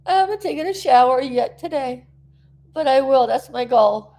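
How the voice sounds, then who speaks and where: A woman's voice: sits high, normal speed, dark tone. A woman from South Florida, a vlogger recovering from an injury, chatting to viewers in a rambling, emotional way. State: recovering, tearful. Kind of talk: casual chat to camera.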